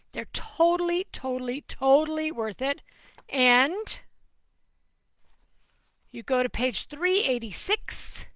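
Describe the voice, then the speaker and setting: Bright, emphatic woman coach. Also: a little high, no room sound. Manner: emphatic, repeats words for stress, addresses viewers by name. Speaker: nutrition coach hosting a Q&A. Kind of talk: casual live Q&A teaching.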